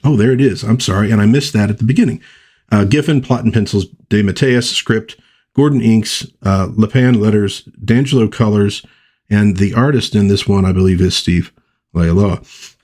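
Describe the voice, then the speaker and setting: Husky-voiced man reviewing old comics. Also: fairly low pitch, moderate pace, darkish tone. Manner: rambling, self-correcting. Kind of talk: casual comic review vlog.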